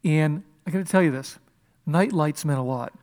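A male pastor preaching an impassioned sermon at a church service, swinging from loud declarations to hushed whispers. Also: a little high, moderate pace.

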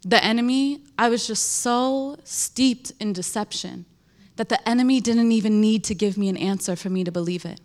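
Young woman, church testimony, emotional and animated, emphatic repeats, somewhat high voice. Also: moderate pace, few pauses. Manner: emotional, animated storytelling with laughter and emphatic repetition. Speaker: speaker sharing a testimony.

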